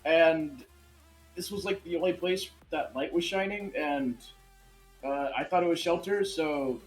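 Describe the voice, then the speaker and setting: A man's voice: a little high, a little slow, soft background music, voice pushed up, natural voice. A man playing a rambling, apologetic adventurer. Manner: rambling, hesitant with fillers. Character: apologetic adventurer talking his way out.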